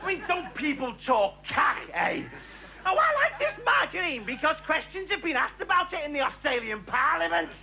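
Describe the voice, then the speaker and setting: A man putting on a ranting, shouting grumbler. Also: very high voice, big pitch swings, normal speed, creaky, faint music behind, voice pushed up, exaggerated voice, low-quality recording. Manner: shouting, ranting, repeats a swear refrain. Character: grumbling loudmouth man in a lift.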